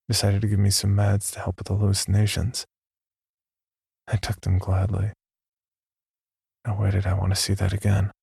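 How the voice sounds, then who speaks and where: A man narrating a first-person horror story in a slow, measured, scripted delivery. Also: mellow, no room sound, studio quality. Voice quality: deep gravelly voice.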